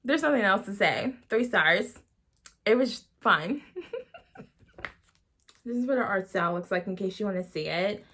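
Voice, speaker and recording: A woman's voice: medium pitch, lively intonation, moderate pace, long pauses, bright, forceful tone. A woman chatting casually as a book vlogger, bubbly and rambling, often laughing as she gushes over what she read. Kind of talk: casual book review chat.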